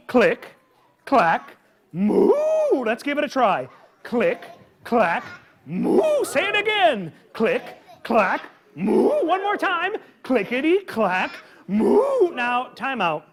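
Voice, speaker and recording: A man hosting a live children's story time, talking with animated energy and calling out questions for the kids to answer. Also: very high-pitched, slow. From Midwest farm upbringing. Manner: animated, call-and-response with children. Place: public library event with a live audience.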